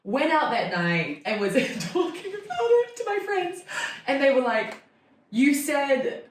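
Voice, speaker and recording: A woman's voice: sits high, very animated, unhurried, far from the mic, slight background noise. A woman in her thirties telling a long, chatty story in casual conversation, with "like" all through her talk. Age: 30s. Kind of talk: casual chat. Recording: echoey room, voice off-mic.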